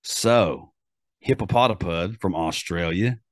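This podcast host's casual chat comes in a low, unhurried voice with an Appalachian accent. He rambles, restarting often and leaning on fillers, and the sound is clean studio audio without any room echo.

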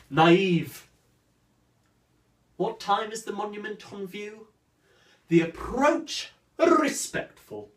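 An actor playing a proud, witty swordsman who mocks a rival in a declamatory, theatrical verse monologue. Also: fairly high pitch. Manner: declamatory, mocking, sweeping swings of voice. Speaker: stage actor performing a monologue. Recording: roomy echo, distant from the mic.

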